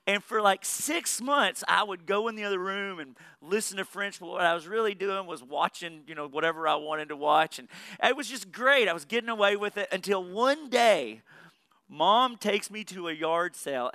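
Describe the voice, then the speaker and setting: A man's voice: sits high, sharp tone, dry recording. A man in his thirties from Saline County in the United States, preaching a sermon with earnest points and humorous personal stories. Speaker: pastor.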